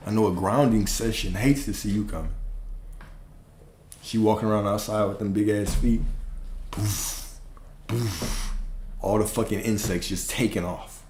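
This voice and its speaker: Slow-drawling joking man, roomy echo. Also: lowish voice, darkish tone, a little hiss or hum. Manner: profane, joking, laughs often, slow drawl. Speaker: livestream host. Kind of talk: casual comedic livestream chat.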